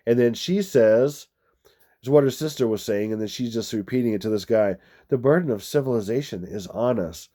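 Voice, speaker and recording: A man's voice: medium pitch, dark tone. A man hosting a video, rambling through number-code commentary over movie clips, meandering and repetitive with frequent restarts. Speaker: video host.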